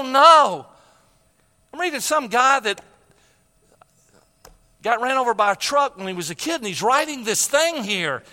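A man's voice: extremely high pitch, pushed and bright, big-room sound. An older man preaching a sermon, telling a personal story with emotion and repeated phrases.

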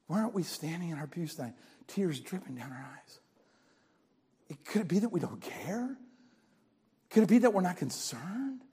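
An older male preacher with a high voice delivers a dramatic sermon in a church. He acts out a story, dropping to a hush one moment and shouting the next. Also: husky. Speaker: pastor. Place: church sanctuary.

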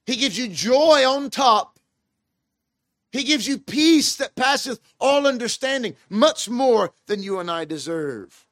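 A man's voice: very high-pitched, animated, slow pace, a bit bright, no echo, clean studio sound. A man preaching a sermon with emphatic delivery that rises and falls.

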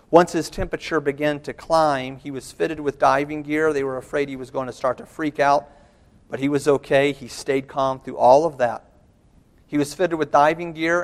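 A man preaching a sermon, telling a rescue story dramatically, swinging between quiet asides and loud, urgent lines. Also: a little high, in a large hall.

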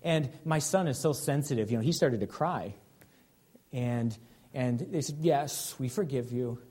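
A man's voice: medium pitch, lively intonation, unhurried, darkish tone. A man in his thirties, a pastor preaching a sermon in an earnest, conversational way, with frequent "okay?" check-ins.

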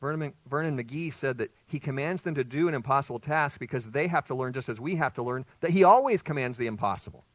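A man's voice: mid-range voice, fast talker, hardly any pauses, fairly bright tone, no echo. A male pastor preaching an expository sermon, emphatic and putting rhetorical questions to his congregation.

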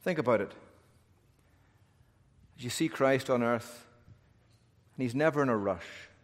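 A man preaching a sermon in an animated way, with humorous asides. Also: medium pitch, a little slow. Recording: long hall reverb.

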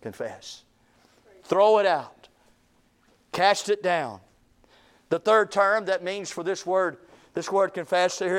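Male revival preacher, fairly high-pitched, swings between booming and near-whispered lines. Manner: swings from booming to hushed, repeats phrases. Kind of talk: revival sermon.

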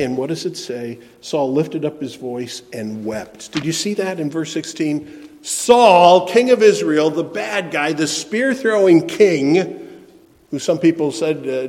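A man preaching a sermon, shifting between soft, reflective passages and emphatic ones. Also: fairly high pitch. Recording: long hall reverb.

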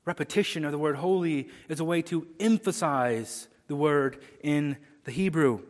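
A man preaching a sermon, emphatic, swinging between loud proclamation and hushed low lines. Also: long reverb tail.

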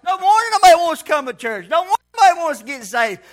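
High, bright-voiced preacher man. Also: big pitch swings, fast talker, hardly any pauses. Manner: calls and responses with the congregation, shouting at times. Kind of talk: sermon. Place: church.

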